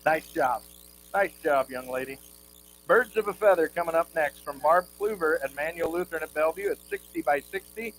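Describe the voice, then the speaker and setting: Fast-chanting male auctioneer outdoors. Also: on the high side, a bit bright, a little hiss or hum, low-quality recording. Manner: rapid rhythmic bid chant. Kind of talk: live charity auction calling.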